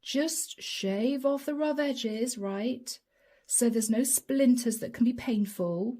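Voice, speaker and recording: A woman giving a channeled tarot reading, speaking slowly and softly, sometimes dropping into a whisper. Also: fairly high pitch. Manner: slow, soft, drawn-out delivery with whispered asides. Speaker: tarot reader.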